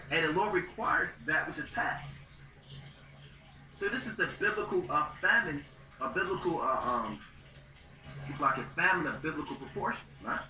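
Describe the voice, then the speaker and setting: A man's voice: on the high side, pushed and bright, recorded from a distance. A man teaching from the Bible in an informal, slangy way, reading verses aloud and then explaining them in plain talk. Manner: casual slangy speech, reads scripture then explains. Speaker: preacher. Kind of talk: street-style bible teaching. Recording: roomy echo, voice from off the mic.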